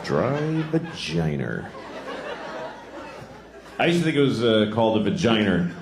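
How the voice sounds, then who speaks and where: A male comedian from Boston in his forties rants crudely into a handheld stage mic, his pitch rising and falling with emphasis. The club sounds roomy, with audience noise throughout. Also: expressive, fast, a crowd in the background. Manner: crude, brash, ranting. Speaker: stand-up comedian. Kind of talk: stand-up comedy set.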